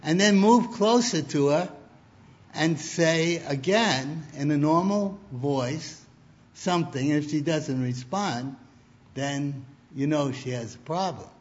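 A man voicing a patient doctor in a joke, giving calm, instructive advice. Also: fairly high pitch, slow, highs cut off.

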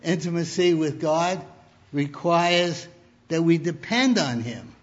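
Male preacher, slow deliberate sermon delivery, lo-fi muffled sound. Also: a little high, expressive. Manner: deliberate, storytelling with humor.

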